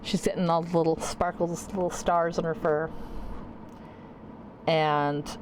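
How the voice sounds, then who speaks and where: A woman's voice: low voice, little pitch movement, unhurried, background noise. A woman streamer chatting casually and rambling about her day while she plays a game at home. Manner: rambling, chatty, self-correcting. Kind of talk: casual gameplay chat. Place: home computer room.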